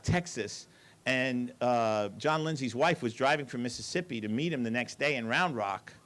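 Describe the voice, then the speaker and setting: A man's voice: mid-range voice, a bit bright. An older man giving a storytelling talk to an audience, with dry asides and quoted lines.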